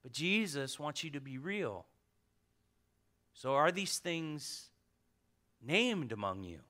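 A man preaching a sermon as pastor in a church, passionate and joking with the congregation, swinging from loud outbursts to hushed asides. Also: on the high side, sing-song, takes it slowly. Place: church sanctuary.

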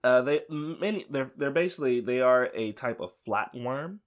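A man's voice: mid-range voice, animated, moderate pace. A man co-hosting a chatty podcast, explaining his topic in a rambling way with many restarts. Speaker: podcast co-host presenting a topic. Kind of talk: casual chat.

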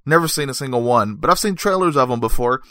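A man's voice: mid-range voice, animated, fast talker, a bit bright, no room sound. Male movie reviewer, casual joking delivery with self-corrections, dry close sound. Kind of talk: casual comedic monologue.

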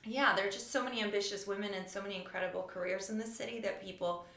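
Interview guest, woman in her forties, quick-witted storyteller, room echo on the track. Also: mid-range voice, steady tone, a loud crowd. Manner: chatty, quick storytelling with wry humor. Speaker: author and show creator guest. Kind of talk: casual interview chat. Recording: echoey room.

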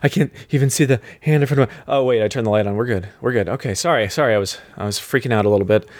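A man's voice: medium pitch, rapid-fire. A man hosting a podcast with playful, theatrical banter, hamming up being scared. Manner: excitable, theatrical. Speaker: podcast host.

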